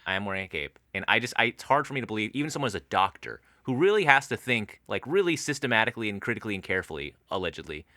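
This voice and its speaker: A man's voice: on the low side, rapid-fire, hardly any pauses, no echo, clean studio sound. A man co-hosting a podcast, reviewing a film in casual chat, swearing freely and acting out scenes. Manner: animated, profane, acts out scenes. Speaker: podcast co-host.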